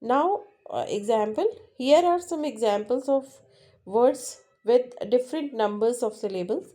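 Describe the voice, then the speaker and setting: Lady teaching slow, mellow voice, kinda high, lots of uhs and restarts. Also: expressive. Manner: slow and repetitive, with frequent fillers and restarts. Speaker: English teacher. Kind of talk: classroom lesson explanation.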